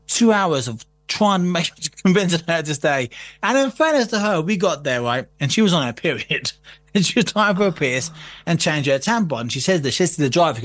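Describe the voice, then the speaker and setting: A man's voice: fairly high pitch, sing-song, fairly quick, a bit bright. A man telling a story in casual chat, swearing freely, acting out quotes and laughing often. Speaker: guest.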